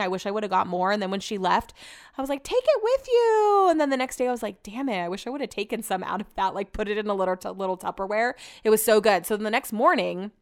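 A woman hosting a casual chat, telling everyday stories in a loose, chatty way full of fillers. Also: medium pitch. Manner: chatty, animated, lots of "like".

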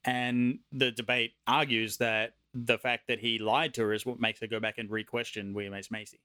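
A man's voice: medium pitch, flat delivery, moderate pace, sharp tone, no echo, clean studio sound. A man co-hosting a podcast, talking about a film in a hesitant way with stammered starts and blunt remarks. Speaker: podcast co-host. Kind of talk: casual film chat.

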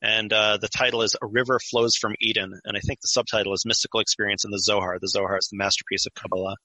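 Bright-toned man explaining at length. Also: fairly low pitch, flat delivery, fast talker, dry recording, muffled recording. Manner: explanatory, digressive, with many fillers. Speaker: guest author. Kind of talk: conversational podcast interview.

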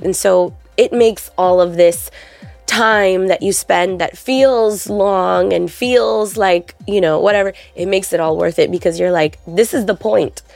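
Woman, podcast co-host, gravelly edge, dry close sound, animated storytelling, casual chat. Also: mid-range voice, no room sound. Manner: animated storyteller, lots of fillers.

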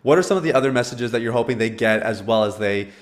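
Host role: man, mid-pitched, encouraging, long meandering questions. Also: quick pace. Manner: supportive, rambling questions with fillers. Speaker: podcast host. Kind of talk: interview questions.

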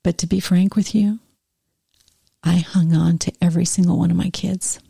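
Middle-aged woman guest, soft and slow, husky and dark, dry close mic. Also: fairly low pitch, fairly even intonation, no echo. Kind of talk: heartfelt conversation.

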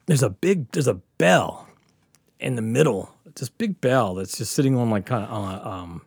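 Podcast co-host, a man in his fifties: animated, profane storyteller with a lively voice, recorded dry. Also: medium pitch, normal speed, vocal fry, husky, dry recording. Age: 50s. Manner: animated, profane, laughing through a wild story. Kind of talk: casual storytelling chat.

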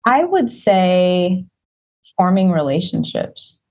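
Low-voiced woman with a gravelly edge. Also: sing-song, lo-fi sound. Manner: thoughtful, measured, with frequent fillers. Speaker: interview guest, team leader. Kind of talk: casual interview.

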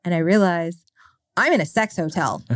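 A woman, a podcast guest, telling a travel story in a deliberate, suspense-building way. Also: fairly low pitch, no room sound, studio quality.

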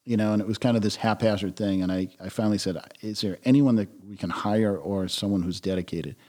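Low-voiced man reflecting in conversation. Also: fast talker. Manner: reflective, frequent restarts, trailing soft phrases. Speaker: guest. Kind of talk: conversational interview.

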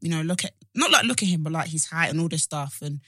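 A woman's voice: sits low, dry recording, studio quality. A woman co-hosting a podcast, chatting casually and joking. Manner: lively, chatty, quick to joke. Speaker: podcast co-host. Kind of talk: casual chat.

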